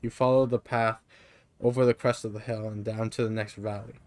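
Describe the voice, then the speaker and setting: A man's voice: lowish voice, little pitch movement, brisk, darkish tone. A male streamer reading an interactive gamebook aloud, plain narration with offhand asides into a streaming mic. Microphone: streaming microphone.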